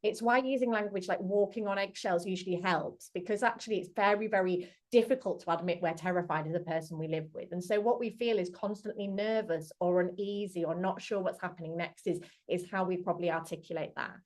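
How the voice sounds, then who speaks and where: A charity chief executive gives an earnest talk on domestic abuse over a video call, acting out quoted dialogue as she speaks. Her voice is fairly low and darkish, and she talks fairly quickly with few pauses. The sound comes through a computer mic.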